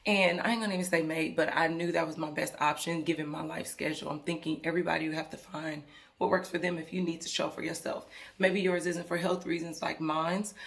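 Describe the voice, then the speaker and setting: A woman's voice: deep voice, steady tone, fairly quick, vocal fry. A woman vlogger talking casually and earnestly to her viewers, rambling with frequent restarts as she speaks to them directly. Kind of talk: casual talk to camera.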